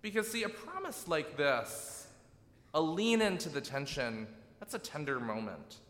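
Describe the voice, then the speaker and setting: A man delivers a sermon with a bright, ringing voice. He sounds reflective and gently emphatic, and often asks "right?" to draw listeners in. The room around him is echoey, with a long reverb tail. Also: on the high side, big pitch swings, unhurried. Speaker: pastor. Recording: echoey hall.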